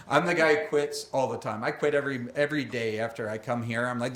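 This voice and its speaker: A man's voice: mid-range voice, fast, a bit bright. A man preaching a conversational sermon, chatty and self-deprecating, acting out quoted voices along the way. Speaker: pastor. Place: church sanctuary. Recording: roomy church sanctuary echo.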